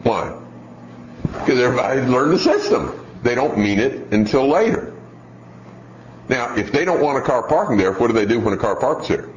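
Animated man preaching in an echoey hall. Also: mid-range voice, normal speed. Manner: animated, acts out nagging parents in a raised voice. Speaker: speaker teaching on child training. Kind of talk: sermon-style teaching talk. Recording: echoey, dull lo-fi recording with faint hiss.

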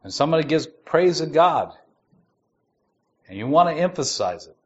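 A man giving a sermon. He reads scripture slowly and stresses its key words. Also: a little high, sing-song, dull audio. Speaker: preacher.

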